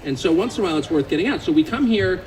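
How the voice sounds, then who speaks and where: A man with an American accent addresses a live audience, his voice pitched a little high and swinging widely up and down. He speaks in a sardonic, joking way and builds into passionate outbursts. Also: expressive, rapid-fire, a little mellow, a little hiss or hum, low-quality recording. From United States. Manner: sardonic, joking, increasingly impassioned. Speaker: invited speaker. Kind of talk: public speech to a live audience.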